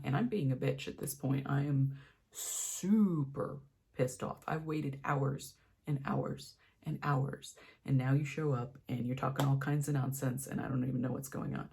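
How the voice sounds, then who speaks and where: A young woman tells a long personal story while she does her makeup on camera, and she slips into the voices of the people in it. Her voice is gravelly and husky, with a dark, mellow tone. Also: very deep voice, a little slow. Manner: animated storyteller, acts out quoted voices. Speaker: beauty vlogger.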